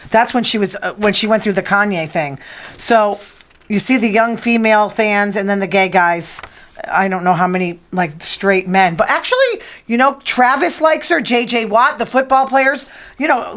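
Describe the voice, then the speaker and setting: A woman's voice: mid-range voice, vocal fry, fairly bright tone. Middle-aged woman host, mid-range voice; casual gossip chat, opinionated, tosses teasing asides. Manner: chatty, opinionated, teasing asides to people in the room. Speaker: podcast host.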